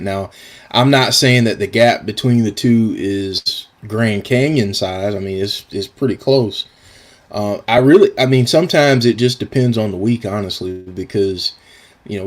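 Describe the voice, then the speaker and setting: A man co-hosting a live wrestling podcast, answering questions in a relaxed, rambling way that keeps breaking into laughter. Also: on the low side. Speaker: podcast co-host. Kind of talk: casual live podcast chat.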